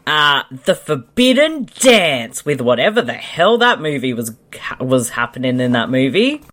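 A woman's voice: very deep voice, very animated, unhurried, fairly bright tone. A woman co-hosting a casual podcast, presenting a mock award with wry, sarcastic asides and laughter. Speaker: podcast co-host.

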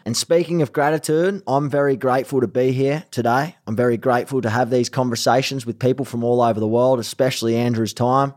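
Chatty Australian podcast host. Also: male voice, medium pitch, brisk, few pauses. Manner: energetic, chatty, slang-heavy. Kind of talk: casual podcast interview. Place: Los Angeles.

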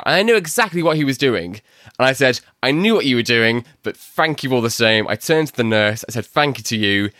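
A male podcast host with a soft Northern English accent, chatting casually in a self-deprecating way with lots of fillers. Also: mid-range voice, dry recording, studio quality. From North West England. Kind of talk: casual chat.

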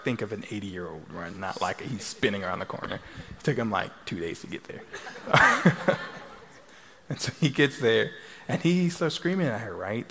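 A man's voice: fairly low pitch, fairly bright tone, a little hiss or hum. A middle-aged man, a couples therapist speaking to a live audience in a chatty way, tagging sentences with "right?". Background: audience laughter.

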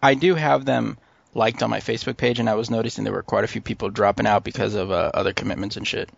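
A man's voice: lowish voice, steady tone, fast talker, creaky, no echo, highs cut off. A man hosting a podcast in a casual, laid-back chat, laughing easily. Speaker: podcast host.

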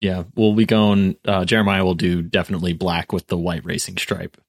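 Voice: low-pitched, little pitch movement, fairly quick, gravelly. A tabletop game player who chats in an easygoing way. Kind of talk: casual chat.

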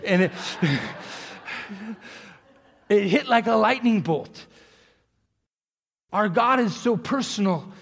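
A man with a high, husky voice preaches in a church sanctuary, telling his stories casually before rising to fervent, almost shouted calls. Long reverb from the hall trails after each phrase. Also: animated, slow, pauses often. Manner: conversational storytelling that swells into fervent near-shouting. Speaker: pastor. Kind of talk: sermon.

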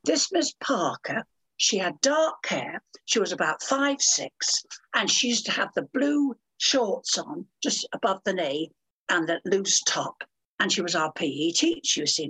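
Husky older woman, lively storyteller. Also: medium pitch, low-quality recording. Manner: dramatic, theatrical storyteller. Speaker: guest. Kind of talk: storytelling interview.

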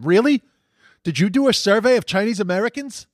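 A man's voice: high voice, lively intonation, a little fast, no echo, studio quality. A man ranting about social media posts in a heated, profane way, repeating himself as he gets worked up. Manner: indignant, sweary, repeats himself when heated. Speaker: commentator reacting to posts.

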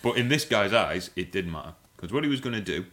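A man's voice: on the low side, lively intonation, fast talker, fairly bright tone. A man co-hosting a podcast, telling a rambling, comic story with swearing and frequent laughs. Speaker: podcast co-host. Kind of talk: casual comedic chat.

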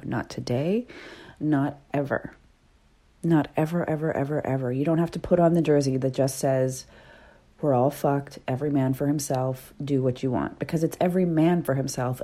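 Woman podcaster, low mellow voice, earnest chatty talk that sometimes drops to a whisper. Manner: earnest, animated, drops to soft whispers at times. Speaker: podcast host. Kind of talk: casual solo podcast talk.

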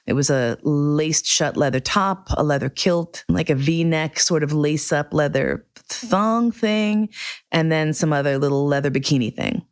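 A middle-aged woman hosting a podcast, telling a candid, profane personal story with lively acted-out quotes. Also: sits low, measured pace. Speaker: podcast host.

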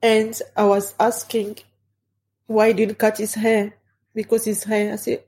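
A grieving middle-aged woman giving personal testimony in halting English with non-native grammar. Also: medium pitch, little pitch movement, warm tone. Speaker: bereaved mother.

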